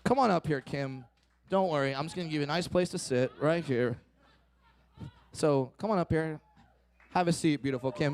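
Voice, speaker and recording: A man's voice: animated, moderate pace, long pauses. A man doing live stand-up comedy, brash and profane, who works the crowd and mimics other people. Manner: brash, profane, loud punchlines, teasing the audience; mimics others in higher voices.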